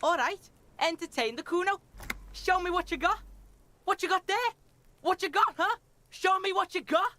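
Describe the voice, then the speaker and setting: A woman's voice: extremely high pitch, normal speed, pauses often, pushed and bright, slight background noise. A woman voicing a cocky, foul-mouthed young boy in a video game, taunting from a distance. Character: foul-mouthed, cocky young boy who talks of himself in third person.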